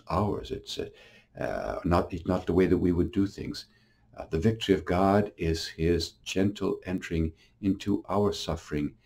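A priest giving a short homily in a gentle, reflective way, often pausing and restarting phrases, with a Canadian English accent. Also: male voice, very deep voice, creaky, breathy edge.

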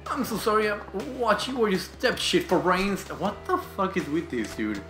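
A man's voice: high-pitched, big pitch swings, moderate pace, pushed and bright, pitched above the performer's own voice, exaggerated voice. A man voicing a jumpy punk band singer who flips between cowering squeals and tough-guy bluster. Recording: roomy echo, faint game music.

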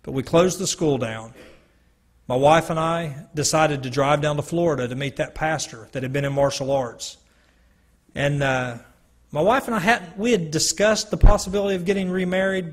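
A man with a somewhat high, husky voice recounts a personal testimony to a gathering. He tells it earnestly, acting out the dialogue as he goes, into a mic in a meeting room. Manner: earnest storytelling with quoted dialogue. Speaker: speaker giving a testimony. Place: church hall or meeting room. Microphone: handheld or stand mic, sometimes stepping away.

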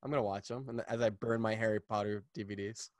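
A man's voice: fairly low pitch, fairly even intonation, fast, no room sound. A man who is a guest reviewer in a casual movie discussion, wry and emphatic, stretching his fillers.

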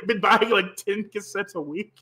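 A man's voice: high-pitched, normal speed, sharp tone. A man co-hosting a podcast in casual chat, cracking dry jokes and recalling shared stories. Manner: joking, dry wisecracks. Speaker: podcast co-host.

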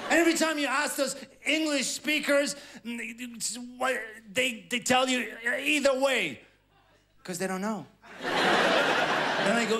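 A man from France with a French accent, performing a stand-up comedy set with a halting, self-deprecating delivery and playful acted quotes. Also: very high-pitched, very noisy. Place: large theatre before a live audience. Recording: stage mic over loud audience laughter.

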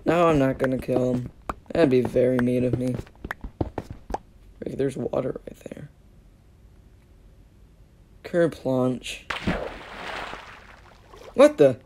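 A woman's voice: rumbling low, steady tone, moderate pace, pauses often, noisy background. A woman giving casual, playful commentary on her own gameplay, teasing and self-mocking and dropping silly sound words as she goes. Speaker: gaming video creator.

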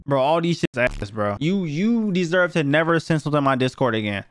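A man's voice: on the high side, very animated, a little fast, no room sound, clean studio sound, faint music behind. A young man giving blunt, profane, slang-heavy reactions as he reviews viewer submissions in a casual video.

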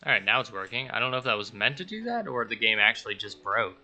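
A man's voice: medium pitch, animated, quick pace, pushed and bright. A man hosting a let's play, casually reacting and reading game text aloud. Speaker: gaming channel host.

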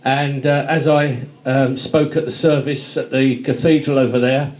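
A man's voice: mid-range voice, fairly even intonation, normal speed, a little mellow. A man giving a hesitant, wry speech with many fillers in a theatre foyer. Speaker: guest speaker at a memorial. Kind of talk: live speech to a crowd.

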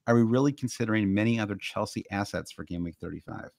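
A man with a Midwestern American accent talks in a casual podcast chat, rambling through fillers and restarts. His voice sits a little low. The sound is dry and close, with no room around it. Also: fast talker, few pauses, a little mellow, no echo. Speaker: podcast co-host.

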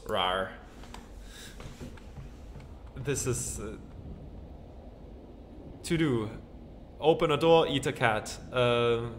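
A man's voice: medium pitch, fairly bright tone, slight background noise. A man playing through a comedy game, reading its text aloud and joking around. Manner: playful, reads narration aloud with goofy asides. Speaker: gaming channel host. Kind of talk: let's-play commentary reading game text.

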